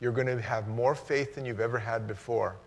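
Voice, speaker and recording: A middle-aged man, a guest preacher, giving a sermon with jokes and laughter that turns earnest and quiet. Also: medium pitch, moderate pace, breathy edge.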